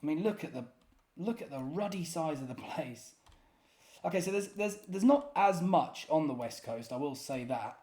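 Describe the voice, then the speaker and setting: A man's voice: a little high, expressive, normal speed, dark tone. A man giving casual, self-deprecating commentary while playing a geography guessing game, often muttering in exasperation. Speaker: gaming YouTuber.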